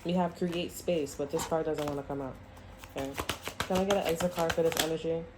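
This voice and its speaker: A woman's voice: low voice, steady tone, fairly quick, heavy background noise. Blunt, profane woman reading tarot. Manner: blunt, profane, laughs often; acts out voices in quoted asides. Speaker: tarot reader. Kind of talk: casual tarot reading to camera.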